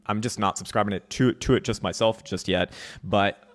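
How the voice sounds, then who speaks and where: At home, an American host runs a laid-back livestream market update, his voice fairly low and steady at normal speed. Going through the chat, he jokes profanely and laughs frequently.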